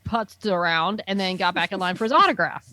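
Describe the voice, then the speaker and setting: A woman's voice: lowish voice, expressive, brisk, sharp tone, no room sound. A woman chatting casually, telling an enthusiastic story full of fillers like "um" and "like". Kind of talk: casual chat.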